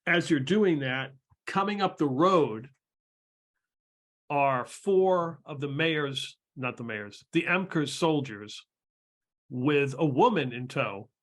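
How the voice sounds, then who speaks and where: A man's voice: fairly high pitch, lively intonation, slow, a bit bright. A man narrating a tabletop game as game master, describing scenes in a rambling, hesitant way.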